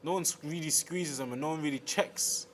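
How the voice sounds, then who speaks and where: A man's voice: fairly high pitch, fairly quick, a crowd in the background. A young male podcast host chatting casually, reacting with short exclamations and slang. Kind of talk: casual chat.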